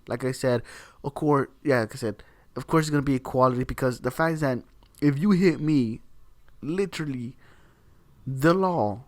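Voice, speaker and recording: A man's voice: medium pitch, dry recording. A man ranting to camera in a heated, repetitive way, swearing often and leaning on the same words again and again. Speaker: video creator. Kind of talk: opinion rant to camera.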